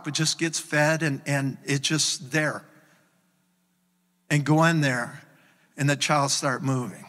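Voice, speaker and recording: High, bright-voiced man preaching in a hall. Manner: animated storytelling, acts out his own reactions. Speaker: pastor. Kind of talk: sermon. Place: church sanctuary.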